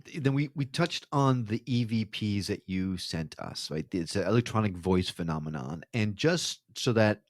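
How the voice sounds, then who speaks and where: A man's voice: lowish voice, animated, moderate pace, few pauses, no echo, clean studio sound. A man hosting a podcast interview, conversational and explaining things to listeners. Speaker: podcast host.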